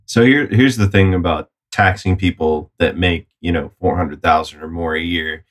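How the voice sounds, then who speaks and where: Man, very low voice, measured podcast co-host who explains at length. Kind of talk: casual political chat.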